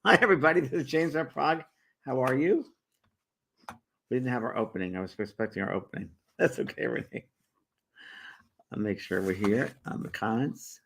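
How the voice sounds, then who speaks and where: A middle-aged man hosting a spiritual livestream, chatting casually and greeting viewers in a relaxed, rambling way. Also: mid-range voice, moderate pace, vocal fry, long pauses, a little hiss or hum. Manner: relaxed and rambling, with many fillers and restarts. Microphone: phone or webcam held by the speaker.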